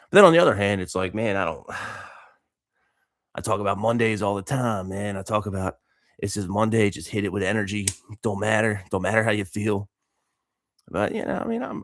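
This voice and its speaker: A man's voice: sits low, no echo, clean studio sound. A man in his thirties talking casually and motivationally, rambling with slang and frequent laughs. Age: 30s. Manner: rambling, laid-back, laughs often, dude slang. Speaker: vlogger and coach.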